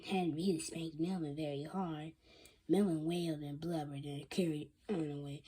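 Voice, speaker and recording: Woman reading a children's book aloud, mellow husky voice, stumbles and restarts. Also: sits low, fairly even intonation. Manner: halting, with frequent restarts. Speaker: reader.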